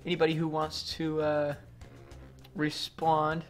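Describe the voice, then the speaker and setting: Slow, laid-back male streamer. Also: a little high, completely flat delivery, soft background music. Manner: laid-back, chuckling, talks to chat. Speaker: streamer host. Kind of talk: casual game stream chat.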